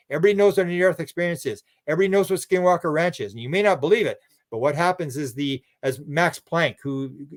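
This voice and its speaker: A man talking as a radio show guest in a loose, rambling way, often repeating words and restarting sentences. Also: a little high. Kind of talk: casual radio interview talk.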